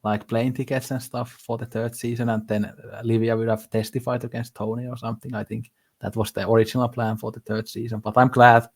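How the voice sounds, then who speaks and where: A man's voice: medium pitch, little pitch movement, fairly quick, few pauses. A man hosting a podcast, talking casually and enthusiastically, rambling with frequent restarts. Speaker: podcast host. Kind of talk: casual discussion.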